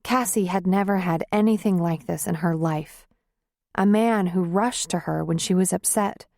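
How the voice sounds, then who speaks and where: A woman reading a romance novel aloud in a measured, even storytelling manner. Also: on the low side, vocal fry, no room sound. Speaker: audiobook narrator. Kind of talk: scripted narration.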